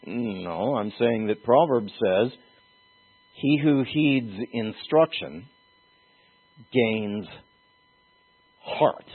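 A man preaching a sermon as pastor, earnest and emphatic, with pauses and restarts. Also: fairly low pitch, slightly rough. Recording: tinny phone-like lo-fi sound.

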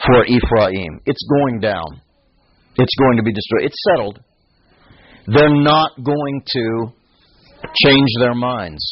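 A man's voice: on the low side, no echo, dull audio. A man teaching a Bible lecture to a class, explaining words at length and often restarting phrases as he quizzes his students.

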